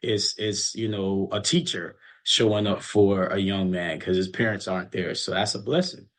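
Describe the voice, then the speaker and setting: This college basketball coach has a low-pitched voice with fairly even intonation and a normal speed. In casual conversation he shares earnest stories, frequently saying the same words again.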